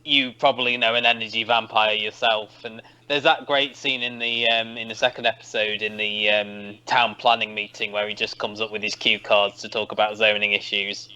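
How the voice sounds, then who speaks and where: A thoughtful man rambles through his opinions in a casual review chat. His voice is bright and forceful, but the sound is dull and muffled. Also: lowish voice, little pitch movement, moderate pace, hardly any pauses, clean tone.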